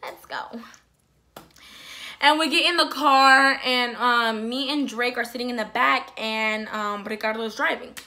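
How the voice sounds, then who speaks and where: Bright-voiced young woman telling a story. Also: fairly high pitch, normal speed, few pauses. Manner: animated, acts out quotes with big swings from loud to hushed. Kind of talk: casual storytime.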